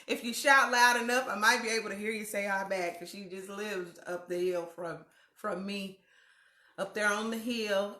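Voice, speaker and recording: A woman talks slowly and warmly to her viewers, stretching out her words and greeting each one by name. Her voice is bright and clear. The sound rings a little, as if the room at home has bare walls. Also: a little high, echoey room. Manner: chatty, greets viewers by name, slow and drawn out. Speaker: host of a weekly live video chat. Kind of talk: casual live-stream chat.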